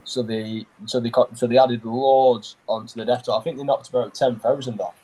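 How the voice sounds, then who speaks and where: A man tells a long, meandering story on a podcast. His talk is loose and full of fillers and swearing. His voice sits in an ordinary middle pitch. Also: steady tone, brisk, warm tone, slight background noise, low-quality recording. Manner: rambling, swears a lot, many fillers. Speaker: podcast co-host. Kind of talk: casual storytelling chat.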